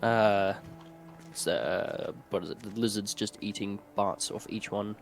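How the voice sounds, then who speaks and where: A man playing a tabletop role-playing game, soft-spoken and halting, polite when speaking in character. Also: fairly low pitch, steady tone, creaky, soft background music. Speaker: player.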